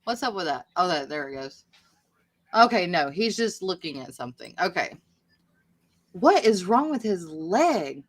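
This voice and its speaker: A woman hosting a live video chat, reading history notes aloud and thinking out loud, swearing casually now and then. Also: on the low side, very animated, unhurried, low-quality recording. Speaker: host. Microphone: video call.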